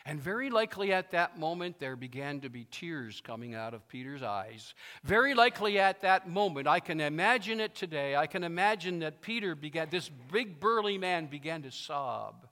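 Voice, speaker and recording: A man's voice: a little high, lively intonation, moderate pace, hardly any pauses, pushed and bright, big-room sound. Emphatic preacher man with a ringing voice. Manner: emphatic, repeats phrases for effect. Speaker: pastor. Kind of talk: sermon.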